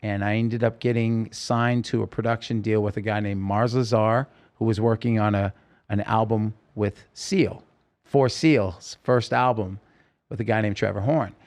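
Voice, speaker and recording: A middle-aged man telling a story as a podcast guest, lively and acting out the voices of the people he quotes. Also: lowish voice, moderate pace. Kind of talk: casual storytelling interview.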